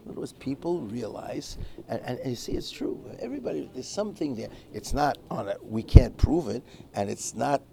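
With a mellow, medium-pitched voice and lively intonation, this Torah teacher talks a little fast through an informal class. Stories meander, sentences restart, and Hebrew and Yiddish terms appear throughout, against clearly audible background noise.

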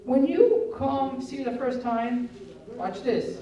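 Man, parenting lecture, mellow voice, lively pitch swings, acts out scenes. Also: slow. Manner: animated, acts out family scenes in quoted voices. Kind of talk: live parenting talk. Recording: roomy echo, speaker far from the mic.

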